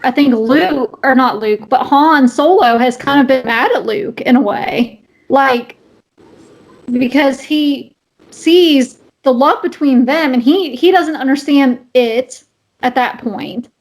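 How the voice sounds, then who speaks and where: A woman's voice: high voice, slow pace, gravelly. A woman co-hosting a podcast, chatting casually with many fillers and restarts. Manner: rambling, full of fillers and restarts. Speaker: podcast co-host. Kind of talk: casual chat.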